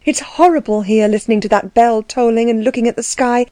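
A woman's voice: a little high, brisk, warm tone, dry recording, lightly acted. A woman voicing a frantic, impulsive young woman with an urgent, pleading delivery.

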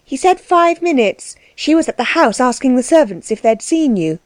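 A woman voicing a brisk, practical young girl who reports back quickly. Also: high-pitched, big pitch swings, no echo, pitched above the performer's own voice. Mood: eager.

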